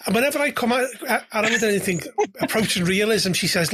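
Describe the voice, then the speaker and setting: A man's voice: sits high, lively intonation, fast talker, background noise. A man hosting a podcast interview, talking casually and hesitantly, often repeating words as he finds his phrasing. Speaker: podcast host.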